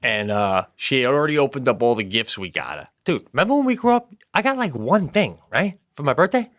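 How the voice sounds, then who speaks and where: A man co-hosting a comedy podcast, telling animated stories with frequent swearing while recovering from hip surgery. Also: mid-range voice, fairly quick, no echo. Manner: animated storyteller, swearing, acting out voices. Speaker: podcast co-host. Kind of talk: casual comedic chat.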